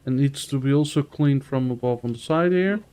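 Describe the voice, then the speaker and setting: A man talking casually with a friend during a co-op game, quietly pointing out what needs doing. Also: medium pitch, a little fast, clear, resonant tone. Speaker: co-op gaming partner. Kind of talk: casual co-op gaming chat.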